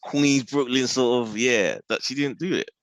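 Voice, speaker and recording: A man co-hosting a podcast, chatting casually with blunt, animated remarks. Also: mid-range voice, dry recording. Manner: animated, blunt, quick bursts. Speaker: podcast co-host. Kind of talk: casual chat.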